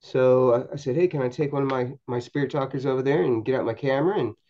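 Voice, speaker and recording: Man, podcast guest, storytelling, halting, repeats himself, mellow voice, mid pitch. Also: dull audio. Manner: halting, with frequent repeated words and restarts. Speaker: podcast guest, paranormal investigator. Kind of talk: storytelling anecdote in a podcast interview.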